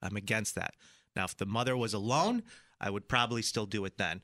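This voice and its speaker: A man's voice: on the low side, fairly quick, pushed and bright. A man co-hosting a radio show, bantering casually and telling a joking story. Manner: joking storyteller, slips into silly voices.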